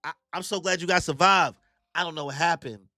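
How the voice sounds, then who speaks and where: Frantic rambling woman, raised pitch, bright, played by a man. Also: fairly quick, no echo.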